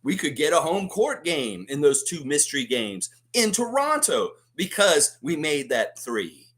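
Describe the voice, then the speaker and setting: A man on his own fan sports stream delivers a profane, heated rant, his voice swinging wildly between low grumbles and sharp high jumps. He speaks a touch higher than most men, hammering every point with emphatic exasperation. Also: unhurried. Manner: excitable, emphatic. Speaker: host of a fan basketball show. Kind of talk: live sports preview rant.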